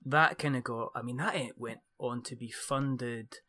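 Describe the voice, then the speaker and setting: A man's voice: mid-range voice, unhurried, pushed and bright. Rambling man hosting a board-game podcast. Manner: rambling, many "you know" and "kind of" fillers. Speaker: podcast host. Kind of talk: casual chat.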